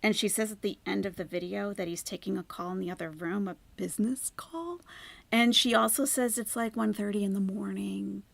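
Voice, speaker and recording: A woman with a gravelly, creaky voice hosts a reaction commentary, sarcastic and critical. She sometimes drops into hushed asides, and her voice sounds dry and close. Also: medium pitch, a little fast, no echo. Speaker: commentary channel host.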